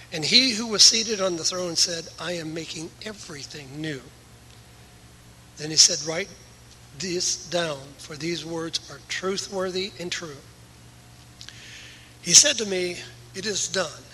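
Earnest bright-voiced male pastor preaching. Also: on the high side, slight background noise, rough recording. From USA. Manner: earnest, emphatic preaching with varying volume. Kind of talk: sermon. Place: church.

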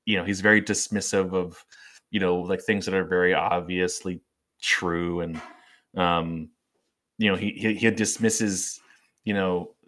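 A man co-hosting a casual film podcast, chatty and quick to laugh, acting out lines from scenes. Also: deep voice, fairly even intonation, a bit bright. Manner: chatty, laughs often, acts out quotes. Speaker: podcast co-host. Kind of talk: casual movie discussion.

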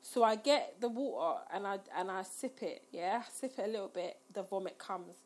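A woman's voice: medium pitch, moderate pace, a crowd in the background. A young woman telling a story in casual chat, acting out the quotes with rising squeals.

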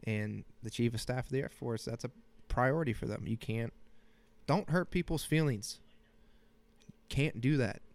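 A man in his thirties rambles through a solo podcast in a joking, self-mocking way, with a slight sniffle. His voice sits at an ordinary middle pitch. The sound is close and dry, with no room echo. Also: moderate pace, few pauses. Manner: joking, self-deprecating, rambling with crude humor. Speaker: podcast host. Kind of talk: casual solo podcast rant. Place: small cold home office.

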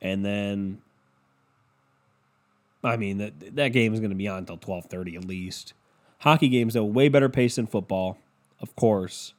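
A man's voice: fairly low pitch, unhurried, pauses often. A man hosting a casual solo podcast, ranting with lots of swearing and mocking impressions of other people. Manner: profane, animated, mocking impressions. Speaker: podcast host.

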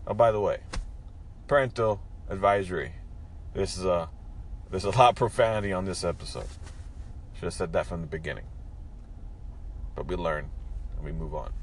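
A man's voice: on the low side, a bit bright. A man hosting his own podcast, with a froggy morning voice, giving a joking, profane morning pep talk. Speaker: podcast host.

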